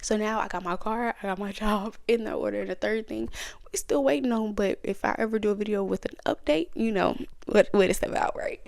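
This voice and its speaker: Speaking fairly quickly with vocal fry, this woman has a medium-pitched, slightly mellow voice captured in a dry recording. As host of her own podcast, she mixes her life story with casual Bible teaching in a chatty style.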